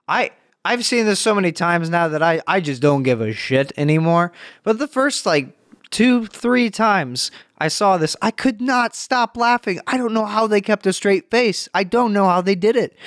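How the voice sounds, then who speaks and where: A man commenting on a TV clip at home, sarcastic and profane, jumping into high mocking voices. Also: animated, moderate pace, fairly bright tone, dry recording, clean studio sound. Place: home room. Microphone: home mic being tested.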